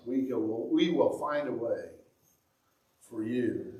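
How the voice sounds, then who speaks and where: A man delivers a sermon as a pastor, earnest and direct, with an occasional dry sarcastic aside. His mid-pitched voice sits a bit back from the microphone. The room around him is echoey. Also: expressive, slow pace, long pauses, dark tone, far from the mic.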